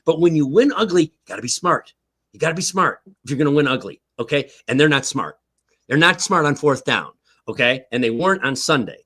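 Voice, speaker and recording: Older guy on a sports stream, fired up and blunt, keeps hammering the same point, slightly high voice. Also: animated, brisk, a bit bright, husky. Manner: emphatic, repeats points, frequent "okay?" and "you know". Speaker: guest analyst, former team staff. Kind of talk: heated sports talk. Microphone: online stream call.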